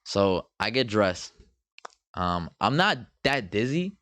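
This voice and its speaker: A young man casually spins a story for a podcast, his pitch swinging up and down as he acts out each scene. He swears freely and talks loosely. The sound is close and dry, with no room echo. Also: big pitch swings, slow pace, fairly bright tone. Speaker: podcast co-host.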